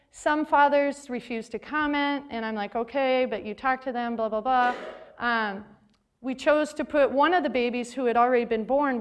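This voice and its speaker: High-voiced woman telling classroom stories. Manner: lively storytelling with quoted dialogue. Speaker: journalism advisor and teacher. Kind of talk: conference talk to teachers. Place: forum hall.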